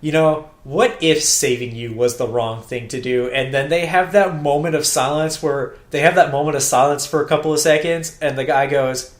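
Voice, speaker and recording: A man's voice: on the high side, fairly even intonation, normal speed. Casual male co-host, rambling recap, plays out quotes, roomy echo. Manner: rambling, restarts often, acts out quotes. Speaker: podcast co-host.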